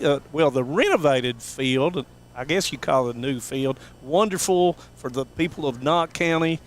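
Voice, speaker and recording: A man commentating local high school sports in a folksy, rambling way, with many fillers and restarts. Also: normal speed.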